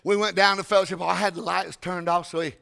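A preacher with a high, piercing, very bright voice. He tells his story in an animated way, stumbling over restarts and then erupting into loud bursts as he drives home his sermon. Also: fast, creaky, clean tone.

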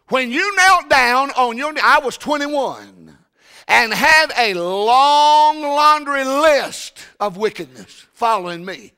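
An older man preaches a folksy, storytelling sermon. His voice is high-pitched, bright and gravelly, and it often rises into shouts. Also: animated, unhurried.

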